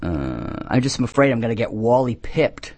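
A man hosting a call-in comedy radio show, drifting through deadpan, absurd tangents with self-mocking asides and frequent restarts. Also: mid-range voice, normal speed. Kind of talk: rambling comic monologue.

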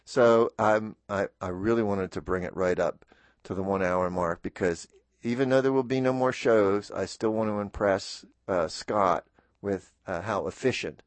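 A man with a lowish voice hosts a radio program, speaking close into a studio microphone. His talk is rambling and heartfelt, full of restarts and asides. The sound is dry and close. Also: moderate pace, no echo. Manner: rambling, heartfelt, self-interrupting. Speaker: radio host. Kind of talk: reflective farewell monologue on radio.

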